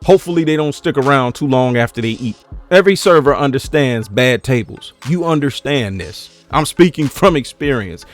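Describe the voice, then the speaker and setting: Blunt, profane man ranting over faint music. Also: medium pitch. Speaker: commentary channel host. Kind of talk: unscripted ranting commentary.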